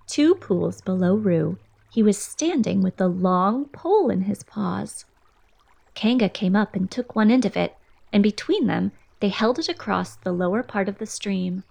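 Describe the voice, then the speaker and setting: Expressive woman reading a storybook. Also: mid-range voice, unhurried, creaky. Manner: gentle, expressive narration. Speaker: storybook reader.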